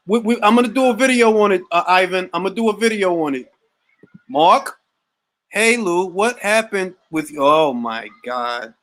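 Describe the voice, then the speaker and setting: A man's voice: on the high side, fairly bright tone, poor audio. A man hosting a boxing talk livestream, joking around in casual slang and repeating catchphrases. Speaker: boxing talk show host.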